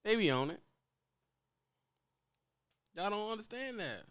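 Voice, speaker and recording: A man's voice: high-pitched, sing-song, a little slow, a bit bright, clean tone, dry recording. A man with a Louisiana accent, a truck driver lecturing bluntly and profanely in a ranting vlog.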